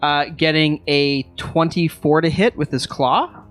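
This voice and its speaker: A man acting as dungeon master, narrating a tabletop game in a relaxed way with many filler words. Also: fairly high pitch, a little slow, soft background music.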